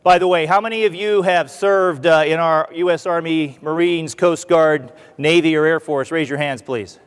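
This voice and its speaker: An American man giving a conference talk as a keynote speaker, an animated storyteller who acts out what the crowd shouts. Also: a little high, moderate pace, clear, resonant tone, in a large hall. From United States. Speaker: keynote speaker, retired army colonel. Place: large conference hall.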